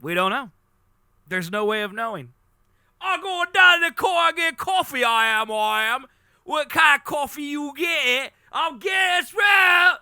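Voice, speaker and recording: A man in his thirties putting on a loud, exaggerated fake British accent as a shouty figure. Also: lively intonation, unhurried, gravelly, no room sound, studio quality, heavily acted. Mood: shouting. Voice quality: loud, high and shrill.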